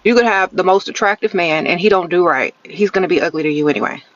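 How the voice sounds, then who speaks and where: Livestreaming from inside her car, this woman hands out sassy, blunt dating tips in a lowish voice at a quick pace, capping points with a teasing "okay?" and a sarcastic "sprinkle, sprinkle." She holds her phone close to her face. The highs are cut off, and there's slight background noise.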